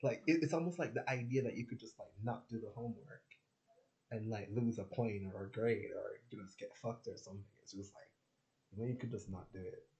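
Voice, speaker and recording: A man's voice: fairly low pitch, fairly quick, warm tone. A young man telling stories in a casual, rambling vlog monologue, packed with filler words and swearing, acting out the people he quotes. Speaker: vlogger.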